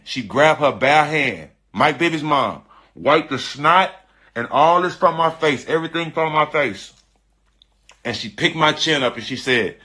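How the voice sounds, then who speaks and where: A middle-aged man telling a personal story in casual, slangy speech, animated and emphatic, often repeating his phrases. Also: medium pitch. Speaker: storyteller on a live stream.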